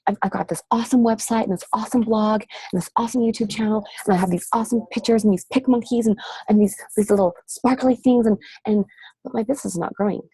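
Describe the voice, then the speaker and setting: A woman's voice: a little high, quick pace, dark tone, slightly rough, no echo, voice pushed up. Woman putting on a whiny struggling coach. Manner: whining, breathless list of excuses.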